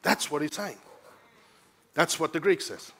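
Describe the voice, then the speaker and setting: A man's voice: fairly high pitch, unhurried, creaky, a bit bright. A man preaching a sermon as pastor, teaching scripture and rising to urgent, emphatic preaching, often asking the congregation to respond.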